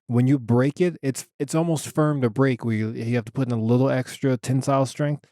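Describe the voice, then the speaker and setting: A man's voice: mid-range voice, fairly even intonation, brisk, warm tone, no echo, studio quality. A man talking as a comedian guest on a podcast, playful and joking, swearing casually. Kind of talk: casual chat.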